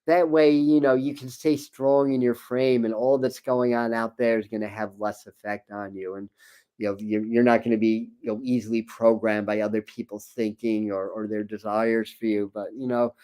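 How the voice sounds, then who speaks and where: A man's voice: fairly low pitch, level tone, normal speed, warm tone, clean tone. A man hosting a tarot reading, talking in a loose, rambling way with many fillers and repeated words. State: a bit foggy this morning. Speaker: tarot reader and spiritual host. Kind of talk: casual spiritual talk.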